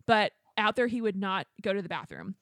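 A woman's voice: medium pitch, very animated, fairly quick, a bit bright, no echo, clean studio sound. A pregnant young woman co-hosting a podcast, telling a long story in casual chat with lots of "like"s and laughs. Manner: chatty storytelling, many "like"s, laughs often. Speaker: podcast co-host.

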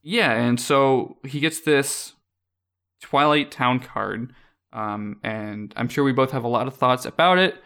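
A young man chatting loosely on a podcast, his voice sitting at an ordinary middle pitch. He rambles, trails off, restarts his sentences and laughs often as he talks. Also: measured pace. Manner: rambling, relaxed, laughs often, many fillers. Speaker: podcast co-host. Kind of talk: casual podcast chat.

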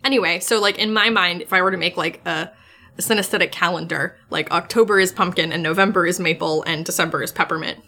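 A woman co-hosting a casual podcast, chatty and quick to laugh, with lots of filler words as she tells a story. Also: fairly low pitch, steady tone, pushed and bright. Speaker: podcast co-host; amateur folklorist. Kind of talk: casual chat.

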